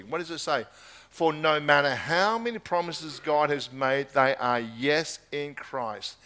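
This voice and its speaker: A man's voice: mid-range voice, sharp tone. A man preaching a sermon, reading scripture aloud and driving home key phrases by repeating them.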